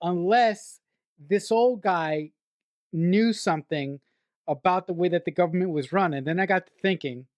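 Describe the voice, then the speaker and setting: A woman co-hosting a podcast in casual film-review chat, excitable, swearing freely and often stumbling over her words. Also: on the low side, normal speed, dry recording, highs cut off. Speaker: podcast co-host.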